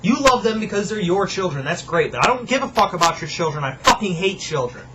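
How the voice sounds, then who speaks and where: A man's voice: high-pitched, sing-song, fairly quick, noisy background. A young man at home delivering an angry, profane, sarcastic rant to his viewers. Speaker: vlogger. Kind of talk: profane ranting monologue.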